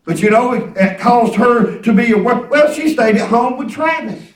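A high-voiced male preacher talks through his message like a chat, folksy and rambling, repeating words as he goes. He sits back from the mic, and the room around him rings with echo. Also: normal speed. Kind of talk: conversational preaching. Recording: echoey room, distant mic.

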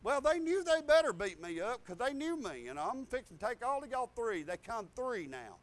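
Older preacher man, very high voice, folksy and rambling, drops a hallelujah between stories. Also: sing-song, normal speed. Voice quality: high-pitched. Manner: rambling storytelling with laughs and hallelujahs. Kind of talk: folksy sermon.

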